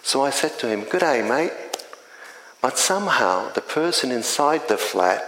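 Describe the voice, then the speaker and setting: A middle-aged man, a community chaplain telling his testimony in an earnest, measured way. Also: mid-range voice, big pitch swings, a bit bright, slight background noise. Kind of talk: spoken testimony. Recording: echoey hall with faint ambience.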